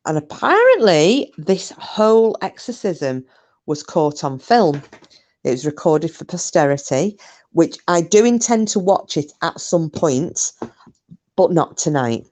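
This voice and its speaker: A woman narrates a true story to her viewers in a relaxed, conversational way, wandering off into asides. Her voice sits very low for a woman, and she takes her time over every phrase. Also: a little slow. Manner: chatty and digressive. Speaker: online storyteller. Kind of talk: casual spoken storytelling.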